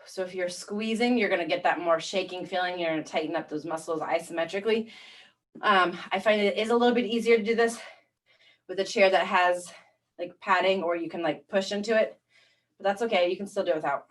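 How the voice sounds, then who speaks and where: A fitness instructor with a lowish voice leads a guided workout class at a brisk clip, heard from a distance off-mic. She coaches calmly, giving encouraging counting cues.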